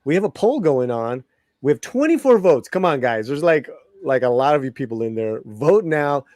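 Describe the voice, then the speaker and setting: A chatty man hosting a live-streamed talk show, often repeating himself and laughing easily. His voice sits at a middle pitch and sounds close and dry, with no room sound around it. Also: sing-song, moderate pace, darkish tone, no room sound. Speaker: host.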